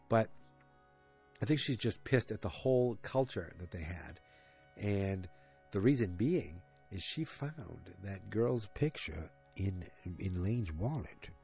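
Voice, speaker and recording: A man's voice: lowish voice, creaky, warm tone, breathy edge. A man hosting a podcast, recapping an episode in a casual, rambling way with jokes and asides. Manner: rambling, jokey, self-interrupting. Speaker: podcast host.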